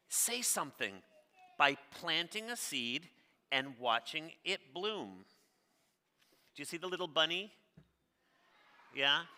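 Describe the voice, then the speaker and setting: A middle-aged children's author reads his picture book aloud on a large theater stage, his voice a little high, pushed and bright. In this interactive session he cheerfully quizzes the audience and urges them on, upbeat and encouraging. The recording carries the long reverb of a theater hall.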